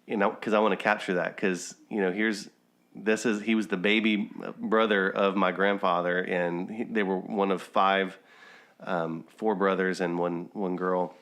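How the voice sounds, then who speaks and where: A man's voice: low voice, level tone, a little slow, a bit bright. A man, a podcast host, telling family stories in casual chat and laughing at his own jokes.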